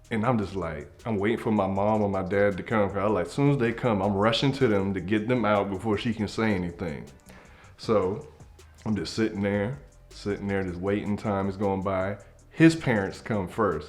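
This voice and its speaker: Young guy telling a funny kid story, lowish voice, acts it all out, faint music behind. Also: normal speed. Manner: animated, acts out scenes, drops to hushed tones. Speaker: comedy group member. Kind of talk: comedic storytelling.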